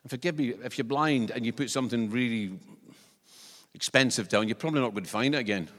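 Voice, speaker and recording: A Scottish man preaching a sermon in a church, conversational and animated, with joking asides. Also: mid-range voice, fast. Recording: long church-hall reverb.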